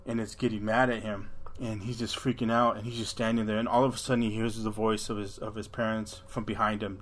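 A man with a fairly low voice spins a creepy story for his podcast co-host. He rambles along and swears freely, often backing up to restart a sentence. It sounds like casual chat between friends. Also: level tone, fairly quick. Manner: rambling, profane retelling with frequent restarts.

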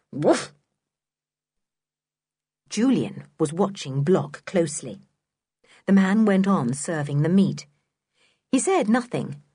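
Woman reading a kids storybook aloud, lively pitch, breathy, dry close sound. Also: no echo. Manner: expressive, clear reading. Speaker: audiobook narrator. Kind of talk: storybook narration.

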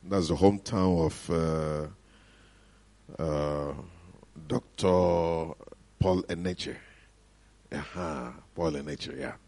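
A middle-aged man with a Nigerian accent, preaching and telling a testimony in an animated, joyful manner. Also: extremely low pitch, slow pace, long pauses. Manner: animated storytelling with frequent laughs and hallelujahs. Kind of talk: sermon testimony.

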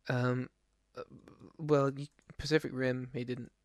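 Male podcast co-host, gravelly, rambling casual film chat, dry close sound. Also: medium pitch, steady tone, slow pace, no room sound. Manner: rambling, lots of restarts and fillers.

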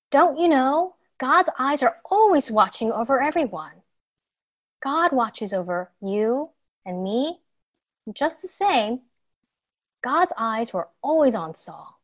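A woman teaching a children's Bible lesson, telling the story in an animated way and asking her listeners questions. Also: fairly high pitch.

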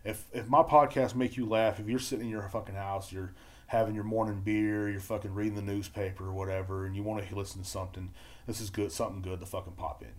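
A lower-pitched man hosting a solo podcast rant. He swears nonstop and rambles from topic to topic, sometimes shouting and sometimes trailing off into a mutter. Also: fairly even intonation, quick pace. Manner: profane, rambling, swings between loud outbursts and mumbling. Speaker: podcast host.

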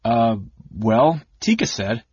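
A man's voice: mid-range voice, very animated, drawn-out words, bright, forceful tone, slightly rough, no echo, muffled recording, heavily acted. A man voicing a young, curious kender who hesitates and stammers as he speaks. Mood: hesitant.

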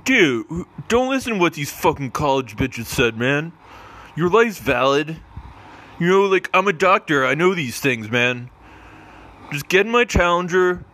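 A man's voice: fairly high pitch, a little slow, pitched above the performer's own voice. Man doing Doctor of Puppies, a sweary bro. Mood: reassuring. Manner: excited, sweary, says "man" a lot. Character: male doctor of puppies, laid-back bro.

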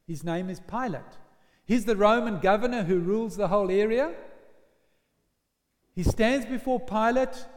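A man preaching a sermon, telling a story in an animated way and acting out the voices of its people. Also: high voice, normal speed, long pauses. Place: church. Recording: long church hall reverb.

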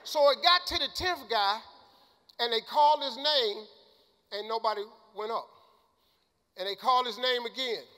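An older man giving a motivational speech and telling stories, colloquial and emphatic, sometimes shouting. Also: extremely high pitch, moderate pace, long pauses. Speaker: motivational speaker. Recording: long hall reverb.

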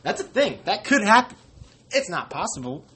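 A man's voice: high-pitched, big pitch swings, normal speed, noisy background. A young man hosting a casual sports podcast, joking and rambling, slipping into silly quoted voices. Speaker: podcast host.

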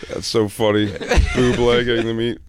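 A man's voice: mid-range voice, little pitch movement, normal speed, a crowd in the background. A man co-hosting a podcast in casual chat, rambling with restarts and crude jokes.

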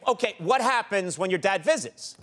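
Exasperated high-voiced talk show host. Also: male voice, expressive, a bit bright. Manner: exasperated, halting, incredulous. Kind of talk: comedic banter with a studio guest. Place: TV studio stage. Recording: live studio audience behind.

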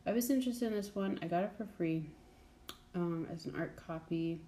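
A woman's voice: lowish voice, normal speed, dark tone, slight background noise. Chatty blunt woman reviewing a book. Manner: chatty, blunt, many fillers and "like"s. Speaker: book podcast host. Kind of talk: casual book review chat.

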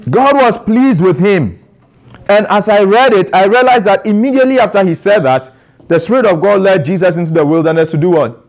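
A man's voice: a little high, expressive, moderate pace. A man preaching a sermon to a congregation in a church, asking rhetorical questions and calling for responses.

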